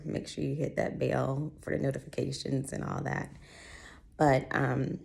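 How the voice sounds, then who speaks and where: Low gravelly woman, heartfelt. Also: flat delivery, normal speed, a little mellow. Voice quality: voice going in and out. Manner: heartfelt, chatty storytelling with quoted voices. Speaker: vlogger. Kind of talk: personal health vlog.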